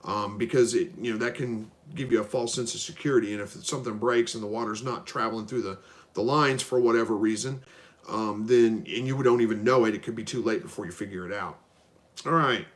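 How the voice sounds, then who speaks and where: A man from Southwest Missouri hosting a casual livestream, reading viewers' questions aloud and answering them in an easygoing, halting way with frequent ums. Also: lowish voice. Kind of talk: casual live Q&A, reading out chat.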